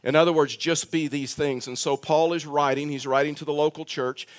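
A man's voice: on the high side, steady tone, fairly quick. A male pastor giving a conversational sermon in an earnest tone, reading scripture aloud.

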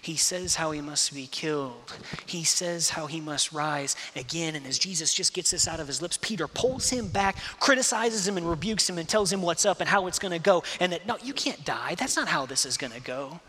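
A male pastor preaching an impassioned sermon, swinging between hushed and loud, in a church sanctuary. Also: on the high side, normal speed. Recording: reverberant hall.

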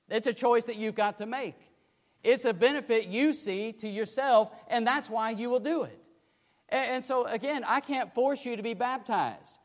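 An older man preaching a sermon, emphatic, swinging from loud pleading to quiet asides. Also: high voice. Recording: long hall reverb.

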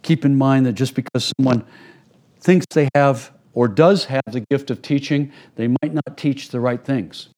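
A middle-aged man, a pastor, delivering a sermon in a loose, conversational tone. His voice sits at an ordinary pitch for a man. He keeps the talk casual and speaks straight to the congregation. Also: normal speed, darkish tone. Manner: conversational preaching with acted-out little scenes.

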